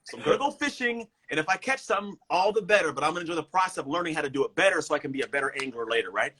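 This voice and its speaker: A man who is a motivational speaker and coach, talking in an energetic, emphatic way and often repeating words. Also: a little high, very fast, rough recording. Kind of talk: casual motivational talk. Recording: livestream guest.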